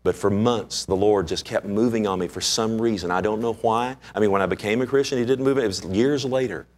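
A man preaching a sermon, explaining scripture and acting out its characters. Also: brisk. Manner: animated, acts out scripture characters; pitch swings widely for emphasis.

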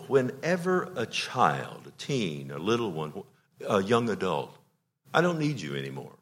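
Middle-aged guy preaching, kinda low voice, gets loud then goes real quiet. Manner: emotional preaching, swings from loud to hushed. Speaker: pastor. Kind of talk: sermon.

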